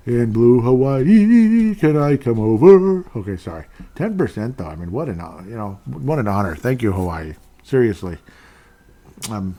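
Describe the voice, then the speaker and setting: A man's voice: lowish voice, warm tone. A man hosting his own podcast alone, rambling casually and earnestly thanking listeners over and over. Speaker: podcast host. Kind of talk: casual solo podcast chat.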